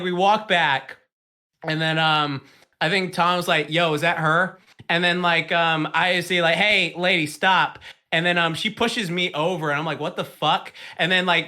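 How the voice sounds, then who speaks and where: A man with a high, sharp-toned voice co-hosts a podcast, rambling through a story in casual chat while swearing a lot and laughing as he tells it.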